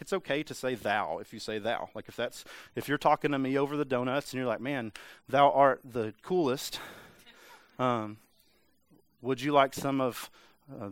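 A man preaches in a loose, chatty way, peppering his talk with "like" and joking impressions. His voice sits at an ordinary middle pitch and sounds close and dry, with no room echo. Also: a bit bright. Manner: conversational, lots of filler "like", mimics voices for humor. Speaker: pastor. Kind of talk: casual sermon.

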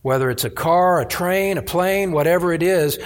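Emphatic preaching man, higher voice. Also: normal speed. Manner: emphatic preaching with repeated restarts. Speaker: pastor. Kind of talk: sermon.

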